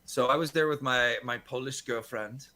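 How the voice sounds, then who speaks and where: A man's voice: mid-range voice, moderate pace. A man chatting casually on a podcast, telling stories with lots of laughter. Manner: animated storyteller, laughs often.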